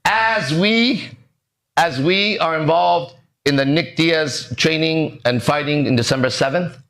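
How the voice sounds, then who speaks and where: A man in his forties hosting a podcast, telling a story in a lively way that acts out the voices and keeps checking in with the listener. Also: a little high, measured pace. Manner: animated, acts out quoted lines, keeps checking in with "right?". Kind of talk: casual storytelling.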